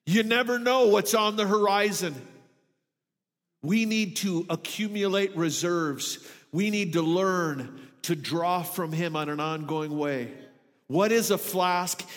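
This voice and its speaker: A man's voice: high-pitched, fairly bright tone, in a large hall. A middle-aged man preaching a sermon in a church, earnest and emphatic. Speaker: pastor. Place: church sanctuary.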